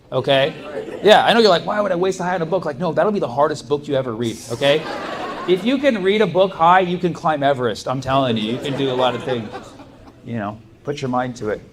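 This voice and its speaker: A man doing a stand-up set in a comedy club, chatting with the crowd in a loose, laid-back way, full of likes and you-knows, often laughing. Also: on the high side. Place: comedy club stage with an audience. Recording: live club room with noise.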